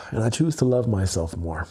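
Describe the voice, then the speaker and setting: On a solo EFT tapping livestream, a content creator addresses his camera through a webcam mic in a lowish, darkish voice with a breathy edge, expressive and moderately paced. He works through his emotions earnestly, cursing freely and repeating himself.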